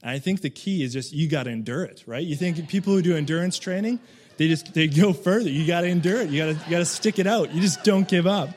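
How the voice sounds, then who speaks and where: A man's voice: on the high side, quick pace, darkish tone. A man giving a loose, conversational sermon, full of fillers and asides, who once lived in Canada. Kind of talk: casual sermon.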